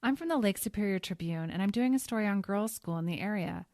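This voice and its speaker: A woman's voice: medium pitch, lively intonation, fast, a little mellow, dry recording, clean studio sound, pitched above the performer's own voice, close to an everyday voice. A woman voicing a sardonic, bold teenage schoolgirl who fakes being a reporter. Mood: mock-official.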